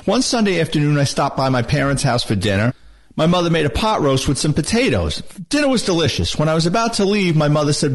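Animated older New storyteller. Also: male voice, a little high, fast. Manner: animated, wisecracking. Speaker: retired police detective, storyteller. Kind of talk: comic storytelling.

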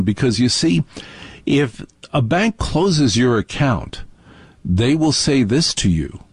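A man's voice: mid-range voice, husky, no echo. A man hosting a call-in radio show, ranting with indignant sarcasm. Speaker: radio talk show host. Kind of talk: talk radio monologue and call-in.

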